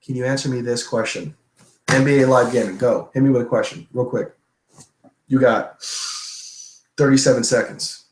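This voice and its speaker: A man's voice: medium pitch, normal speed, pauses often, reverberant, poor audio. A man streamer answering viewer questions in a loose, profane, chatty way. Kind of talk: casual livestream Q&A.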